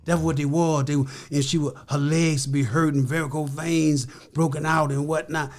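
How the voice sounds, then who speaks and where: A man's voice: a little high, little pitch movement, moderate pace. Older man with a Chicago accent, emphatic and preacherly. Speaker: interview guest. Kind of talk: emotional storytelling in interview.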